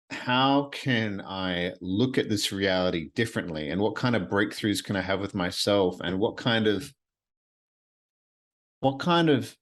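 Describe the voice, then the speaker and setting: Deep-voiced man musing on his podcast. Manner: rambling, earnest, repeats himself. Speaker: podcast host. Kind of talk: solo reflective podcast monologue. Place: his apartment at night.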